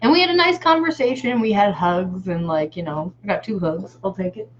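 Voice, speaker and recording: A woman's voice: medium pitch, a little fast. Woman, casual vlog chat, rambling with fillers, casual swearing, mid-range voice, slightly dull lo-fi audio. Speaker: vlogger painting a face design. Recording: muffled lo-fi audio.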